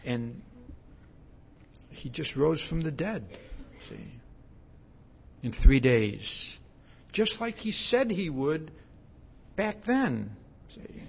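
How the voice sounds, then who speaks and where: A man preaching a sermon, slow and emphatic, tagging his points with "see?". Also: fairly high pitch, big pitch swings, gravelly, breathy edge, highs cut off.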